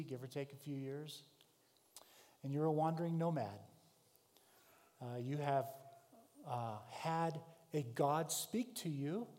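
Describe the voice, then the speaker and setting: Storytelling preacher man in a reverberant hall. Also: fairly high pitch. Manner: storytelling preacher, dramatic swings in loudness. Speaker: pastor. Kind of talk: sermon.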